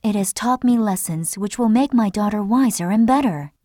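A man doing a fierce, high-voiced young mother. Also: moderate pace, dark tone, dry recording, studio quality, natural voice. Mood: calm, firm. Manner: high strained voice raised in pleading. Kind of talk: audiobook narration with character voices.

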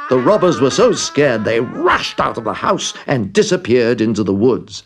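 A man reading a children's story aloud in an expressive, animated way. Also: mid-range voice, normal speed, faint music behind. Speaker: narrator.

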